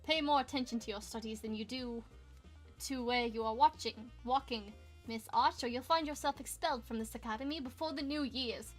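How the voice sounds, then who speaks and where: A woman's voice: a little high, fairly quick, soft background music, natural voice. A woman voicing a stern, disdainful older male professor in a put-on British accent, clipped and condescending.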